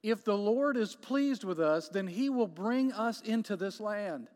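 A man's voice: high voice, expressive, a little slow, a little mellow, in a large hall. A man preaching a sermon, emphatic and repetitive, building with rhetorical questions.

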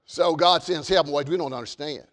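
A man with a Southern US accent preaching a fervent sermon, shifting between shouted warnings and folksy storytelling. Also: a little high, fairly quick, long reverb tail. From American South.

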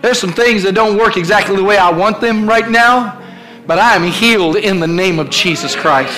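A man's voice: high voice, normal speed, bright, forceful tone, soft background music. A male pastor preaching a fervent sermon, with repeated calls to the congregation.

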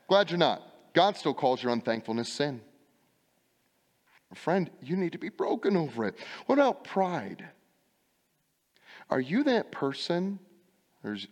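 A male pastor preaching a sermon, firing rhetorical questions and repeating his refrains with emphasis. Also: medium pitch. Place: church sanctuary. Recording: long church reverb.

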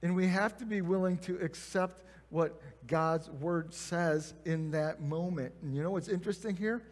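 A man's voice: high voice, moderate pace. A man preaching a conversational sermon, acting out quoted prayers and replies. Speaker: pastor. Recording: long reverb of a church hall.

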